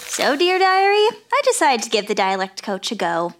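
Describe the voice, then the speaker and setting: In a comedic audio drama, an actress voices a vain, self-absorbed actress who is the narrator and lead, reading her diary in a breezy, self-centered, chatty way. Her female voice is a little high, sing-song and very expressive, at a moderate pace, with soft music in the background.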